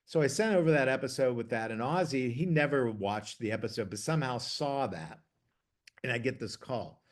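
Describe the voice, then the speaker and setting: A middle-aged man from Ohio, a TV producer, telling stories in a casual, chatty way, full of fillers and restarts, getting lively when he quotes others. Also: medium pitch, moderate pace. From Ohio, USA. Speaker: TV producer interviewee. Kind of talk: casual anecdotal storytelling.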